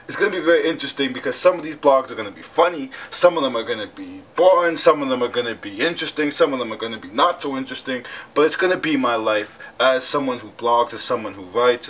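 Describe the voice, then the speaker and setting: A man's voice: medium pitch, a bit bright. Young male vlogger with a cold, rambling and self-mocking, faint noise behind. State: has a cold. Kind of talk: casual vlog talk to camera.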